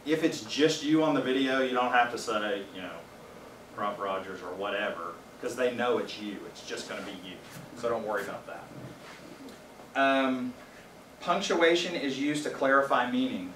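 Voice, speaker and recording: Relaxed man teaching a room. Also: mid-range voice, normal speed, slight background noise. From Louisiana. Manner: relaxed, explanatory, wry asides. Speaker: faculty trainer. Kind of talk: casual presentation to a live group. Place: training room with a small audience. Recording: roomy echo, distant mic, faint ambience.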